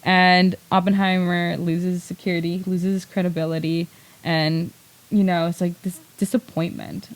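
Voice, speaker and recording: A woman with a lowish voice talking through a film in loose, casual podcast chat. She rambles, leans on "like" constantly, and breaks into laughter often. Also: level tone, normal speed, rough recording. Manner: rambling, filler-heavy retelling with frequent "like". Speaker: podcast host.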